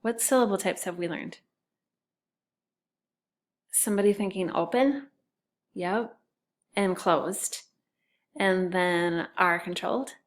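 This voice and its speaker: A woman teacher giving a recorded phonics lesson to children. She talks slowly and patiently and spells words out letter by letter. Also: lowish voice.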